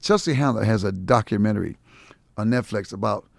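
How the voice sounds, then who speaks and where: Middle-aged male comedian guest, gravel in the voice, close dry mic, acts out each quoted line in his stories. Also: on the low side, a little fast, no room sound. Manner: animated storyteller acting out quotes, laughing. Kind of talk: casual storytelling interview.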